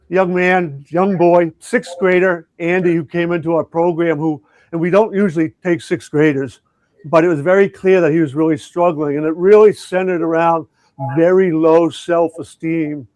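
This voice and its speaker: A middle-aged man with a somewhat high voice tells a personal story in an earnest, reflective way, often restarting his sentences. The recording is close and very dry, with no room sound. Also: a little mellow, dry recording. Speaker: education coach and conference speaker.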